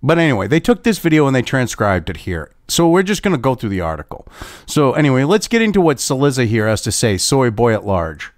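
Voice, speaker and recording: A man's voice: mid-range voice, sing-song, brisk, no echo, clean studio sound. A man hosting political commentary, reading through an article and ranting with profanity and sarcasm.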